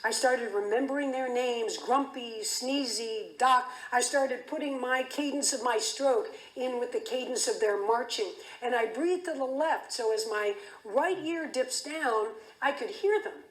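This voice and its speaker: A woman's voice: on the high side, a little slow, few pauses. A woman giving a keynote speech, telling an intense story vividly with frequent restarts. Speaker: keynote speaker. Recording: roomy echo.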